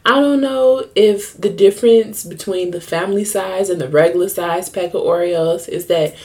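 A young woman hosts her own solo podcast, chatting casually at normal speed in a fairly low, dark voice. She tells stories candidly and jokingly, with plenty of profanity.

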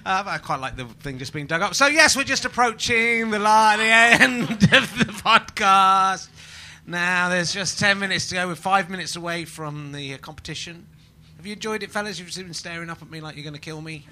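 High, bright chatty podcast host. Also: male voice, moderate pace. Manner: playful, chatty banter with the audience. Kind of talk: live podcast hosting. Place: comedy venue with live audience.

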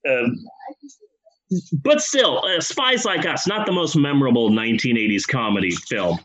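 A man hosting a podcast, telling a funny story in a casual, profane, jokey way with quick asides. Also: medium pitch, sing-song, fairly bright tone, low-quality recording.

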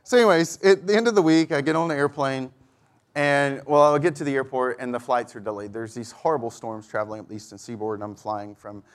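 A man's voice: mid-range voice, brisk. A middle-aged man preaching a sermon, telling a personal story and acting out both sides of each conversation. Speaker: pastor.

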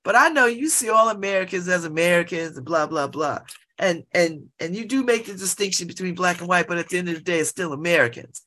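A middle-aged woman chatting casually at home by an open window, laughing often and breaking into animated asides. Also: on the low side, a little fast. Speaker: vlogger. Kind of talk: casual monologue.

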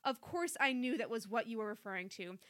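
A woman voicing a fussy, long-winded mother who alternates between over-formal explanations and soft cooing. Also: on the high side, animated, brisk. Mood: pedantic. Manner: wordy, mock-formal, cooing.

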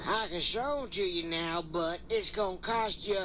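A man putting on a squeaky sleazy trailer-park hustler. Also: lightly acted. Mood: leering. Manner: crude, leering, drawn-out. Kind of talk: comic bit in podcast. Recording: noisy, from off mic.

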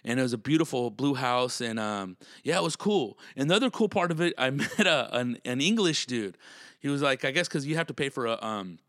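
A man's voice: medium pitch, lively intonation, brisk, a bit bright, no echo. Laid-back cursing podcast guy, dry sound. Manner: laid-back, swears often, many fillers. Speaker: podcast host and comedian. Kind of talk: casual rambling monologue.

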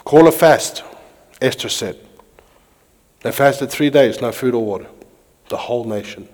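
A man preaching a sermon, reading scripture aloud with animated delivery while pacing. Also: mid-range voice, unhurried. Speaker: pastor. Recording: long hall reverb.

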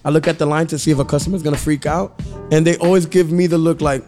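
Man, casual storytelling, animated, acts out other voices, laughs a lot, faint music behind. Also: a little high, fast.

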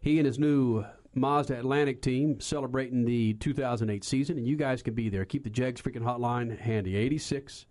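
A man's voice: mid-range voice, steady tone, a little fast, hardly any pauses, a little mellow. A man hosting a motorsports radio talk show, brash and joking, stuffed up with a head cold.

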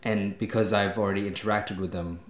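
Low-voiced Australian young man, echoey room. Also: steady tone, brisk. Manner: chatty, trails off with fillers and "yeah". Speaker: guest, YouTuber. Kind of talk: casual podcast interview.

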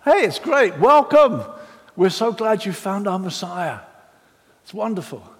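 A man's voice: sits high, expressive, measured pace, gravelly, exaggerated voice. A man voicing a friendly but insistent male religious teacher who coaxes his listeners into keeping extra rules. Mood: coaxing. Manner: coaxing, falsely warm. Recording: reverberant hall.

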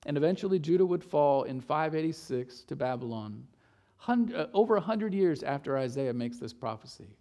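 Pastor, male, fairly high voice, chatty storytelling sermon, shifts from hushed to emphatic. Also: expressive, normal speed. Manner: conversational storytelling with rhetorical questions.

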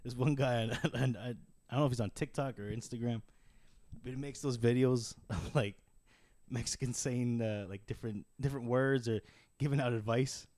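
A man co-hosting a casual podcast chat. He talks in a laid-back way, laughs between thoughts and swears freely. His voice sits at an everyday mid pitch, recorded dry and close. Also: steady tone, normal speed, a little mellow, dry recording. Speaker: podcast co-host.

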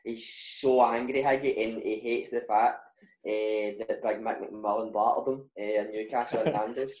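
A man's voice: on the low side, moderate pace, echoey room, poor audio. A man with a Scottish accent, a footballer guest telling stories in a casual chat and laughing often. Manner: laughs often, animated anecdotes. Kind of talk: casual storytelling.

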